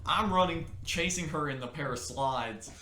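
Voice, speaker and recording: A man co-hosting a podcast, chatting casually and telling stories with lively acted-out quotes and shouts. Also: a little high, normal speed, roomy sound, a little hiss or hum. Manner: animated storytelling, acts out shouts and quotes. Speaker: podcast co-host. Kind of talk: casual chat.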